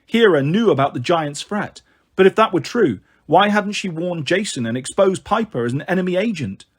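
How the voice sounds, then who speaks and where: A man reading a fantasy novel aloud as narration, slowing down for the verse lines. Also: high-pitched, animated, breathy edge. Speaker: audiobook reader. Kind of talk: storybook narration with light character voices.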